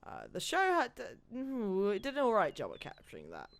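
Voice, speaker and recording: A woman's voice: fairly high pitch, huge pitch swings, a little fast, a little hiss or hum. A woman streaming a video game, chatting casually and rambling as she plays, swearing and laughing at her mishaps. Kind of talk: casual gameplay commentary.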